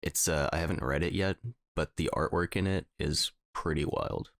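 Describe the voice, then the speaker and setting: A man's voice: extremely low pitch, normal speed, creaky, a bit bright, dry recording, studio quality. A young man co-hosting a podcast, chatting casually and rambling with lots of fillers. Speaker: podcast co-host. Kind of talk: casual chat.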